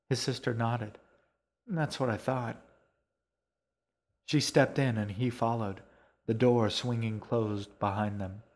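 A man narrating an audiobook in a calm, measured storytelling voice. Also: mid-range voice.

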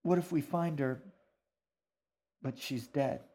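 A man's voice: on the high side, animated, measured pace, dark tone, pitched above the performer's own voice. A man reading a story aloud, voicing a frightened young girl in a strained, pleading way. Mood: anxious.

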